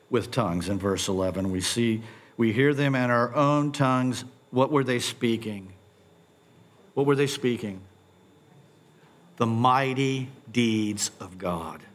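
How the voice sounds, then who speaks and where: A middle-aged man preaching a sermon, posing animated rhetorical questions and stumbling over repeated words when excited. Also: medium pitch. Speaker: pastor.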